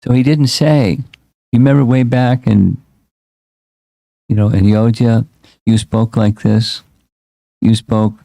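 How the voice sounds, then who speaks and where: A man's voice: fairly low pitch, mellow, no echo, studio quality. A man as a spiritual teacher giving a casual scripture class, reflective and repeating himself as he restarts words.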